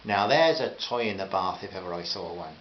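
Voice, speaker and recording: A man's voice: deep voice, animated, brisk, roomy sound. A man reading a storybook and voicing a kind, heartbroken young man. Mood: wistful. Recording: slightly dull with faint hiss.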